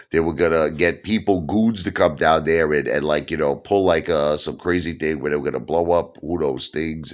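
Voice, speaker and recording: A man in his fifties with a Brooklyn accent, ranting loudly and heatedly in a vlog monologue, breaking into shouts. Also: low voice. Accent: Brooklyn New York. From Brooklyn, New York. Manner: loud, heated, bursts into shouting. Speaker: YouTube vlogger.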